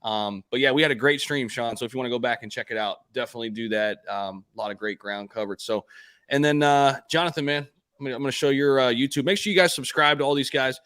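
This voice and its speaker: A young man hosts a casual live stream in an easygoing, chatty way, filling gaps with ums and quick shout-outs. His voice sits at an ordinary middle pitch and sounds close and dry, with little room sound around it. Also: smooth, no room sound. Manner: laid-back, frequent fillers and shout-outs. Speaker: host of a live crypto stream.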